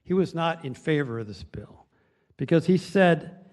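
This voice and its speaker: Folksy, halting man addressing a council. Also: fairly high pitch, animated, a little mellow. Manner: folksy, anecdotal, halting with restarts. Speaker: city council member. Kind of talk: council floor speech. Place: council chamber.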